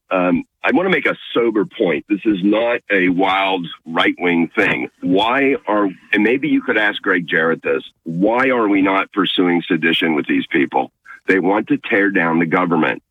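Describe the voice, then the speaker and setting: A man's voice: sits low, dry recording. A man calling in to a radio show, serious and insistent about his point. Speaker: caller. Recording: tinny phone line.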